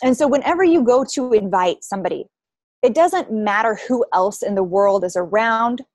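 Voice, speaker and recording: A woman's voice: on the high side, animated, moderate pace, darkish tone, no echo. Young woman on a team coaching call, chatty, acts out quotes, dry close sound. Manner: chatty, acts out quoted voices, many likes and ums. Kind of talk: coaching call, casual storytelling.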